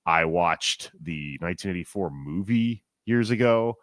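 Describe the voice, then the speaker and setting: A man in his forties co-hosting a podcast, chatting casually in a rambling, animated and profane way. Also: sits low, a little slow, no echo, studio quality. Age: 40s. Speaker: podcast co-host.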